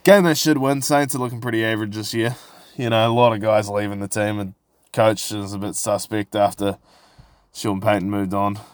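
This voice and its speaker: A man's voice: fairly low pitch, fairly even intonation, moderate pace, clear, resonant tone, dry recording. A young man with a New Zealand accent hosting a casual solo podcast, sweary and blokey, getting worked up about sport and gambling. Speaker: podcast host.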